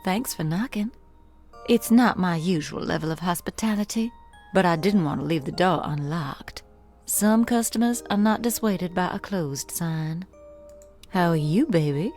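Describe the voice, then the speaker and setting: Sultry Southern baker, flirty and sweet, lowish voice, faint music behind. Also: female voice, a little slow, a little mellow. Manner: sultry, affectionate drawl. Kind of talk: game voice acting.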